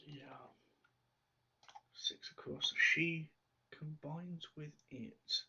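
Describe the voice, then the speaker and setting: Slow, husky man musing quietly. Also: mid-range voice, fairly even intonation, distant mic. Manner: slow, musing, half-whispered asides. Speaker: crossword solver. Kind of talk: thinking aloud while solving. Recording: slightly dull lo-fi sound.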